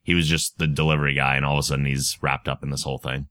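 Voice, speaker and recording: A man hosting a podcast in casual chat, talking in a relaxed, chatty way and reading out plugs and contact details. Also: very deep voice, very fast. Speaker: podcast host.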